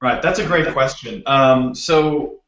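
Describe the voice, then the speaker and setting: A man with a Boston accent talks through a technical topic in a loose, joking way, dropping plenty of ums. His voice sits at a middle pitch. It comes over a video call that sounds roomy and a little muffled. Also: slow pace, fairly bright tone. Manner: casual and joking, lots of ums. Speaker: guest speaker. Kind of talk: technical talk.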